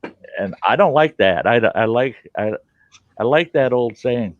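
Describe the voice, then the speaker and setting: A man's voice: medium pitch, lively intonation, unhurried, dry recording. A man hosting a podcast, telling stories bluntly with plenty of profanity in casual chat. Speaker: podcast host. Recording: dull, dry lo-fi audio.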